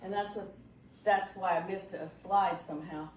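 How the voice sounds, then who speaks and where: A woman's voice: lowish voice, steady tone, normal speed, slight background noise. A woman minister giving a conversational sermon in a folksy, searching way, often restarting her phrases. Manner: folksy, searching, repeats words when restarting. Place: church sanctuary. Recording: roomy church sound from a distant mic.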